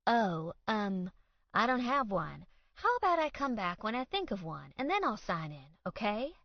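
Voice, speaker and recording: Voiced by a female narrator, an exasperated young woman speaks politely but sarcastically, growing more fed up, pitched a bit above the narration in a sing-song way at normal speed. The recording is dry and slightly dull, with no room sound.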